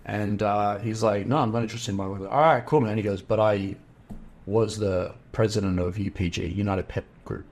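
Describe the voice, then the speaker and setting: A middle-aged man with an Australian accent, a podcast guest telling a story in a casual, animated way, acting out the voices of the people he quotes. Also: fairly low pitch, moderate pace. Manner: animated, acts out quoted dialogue.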